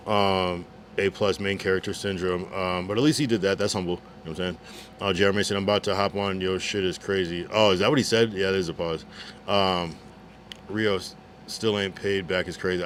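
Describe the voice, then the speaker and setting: Laid-back male streamer, deep voice, reads chat aloud, faint hiss behind. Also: fairly even intonation, normal speed, a bit bright. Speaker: livestreamer reading chat. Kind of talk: casual livestream chat.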